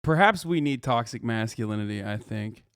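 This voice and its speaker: A man's voice: lowish voice, animated, normal speed, a bit bright, smooth, dry recording, studio quality. A man in his thirties hosting a livestream, reacting in casual, sarcastic and profane commentary. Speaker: livestream host.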